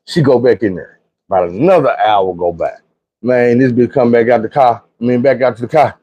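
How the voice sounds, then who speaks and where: A man's voice: medium pitch, fast talker. A man from Arkansas telling a casual, profane childhood story, acting out the other people's voices as he goes. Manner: animated, acts out quoted voices, profane slang.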